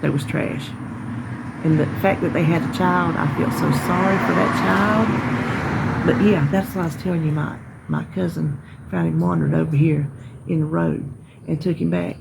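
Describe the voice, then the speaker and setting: Gravelly woman telling a neighborhood story. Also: deep voice, normal speed, very noisy. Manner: folksy, emphatic, animated retelling with hollered quotes. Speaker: vlogger. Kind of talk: casual storytelling.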